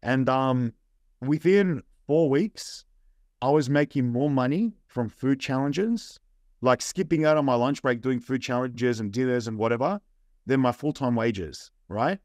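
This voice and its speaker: An Australian man, a young adult guest, telling lively anecdotes in casual chat, often tagging lines with "right?" and acting out what people said. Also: medium pitch, a little slow, dry recording, clean studio sound. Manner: animated anecdotes with "right?" and "I'm like". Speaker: interview guest. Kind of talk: casual storytelling.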